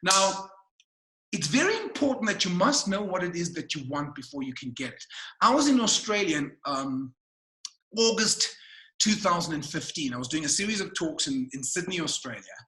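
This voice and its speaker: Male motivational speaker, high-pitched, bright, emphatic, rhetorical questions, echoey room. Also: very animated, normal speed. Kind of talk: motivational webinar talk. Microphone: video call mic.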